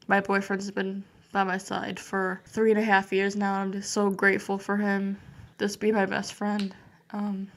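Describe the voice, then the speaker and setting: A woman's voice: mid-range voice, gravelly. A young woman being interviewed on a podcast, talking nervously and hesitantly with many fillers. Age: young adult. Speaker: guest.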